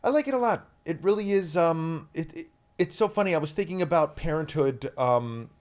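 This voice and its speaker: A man in his fifties from the US East Coast, a guest actor chatting on a podcast and telling stories in an animated, rambling way. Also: a little high, moderate pace. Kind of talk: casual podcast chat.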